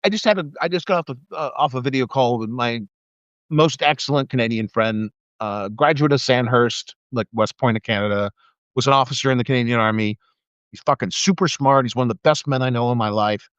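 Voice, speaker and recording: Speaking a little fast in a medium-pitched, fairly bright voice with a clear, resonant tone, a middle-aged live streamer rants angrily about politics, full of profanity and sarcasm. He's a former military investigator. His phone or webcam mic yields dry, slightly muffled audio.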